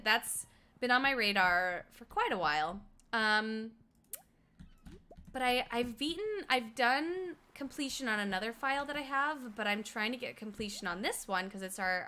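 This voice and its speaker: A woman's voice: a little high, animated, normal speed, bright, forceful tone. A young woman from Colorado chatting casually with her stream chat while gaming, giggly and talkative. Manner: chatty and giggly, slips into mock accents. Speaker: livestreamer.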